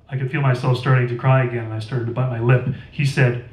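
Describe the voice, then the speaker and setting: A man, the author, reading his novel aloud live in a record store, in steady first-person narration. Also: mid-range voice, fast, hardly any pauses. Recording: roomy store, distant mic.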